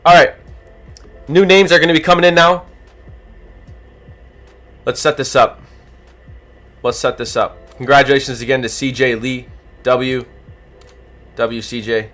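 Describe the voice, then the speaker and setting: A livestream host who is losing his voice, calling a giveaway race with animated, rapid play-by-play. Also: mid-range voice, faint music behind. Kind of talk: excited duck-race commentary on a livestream.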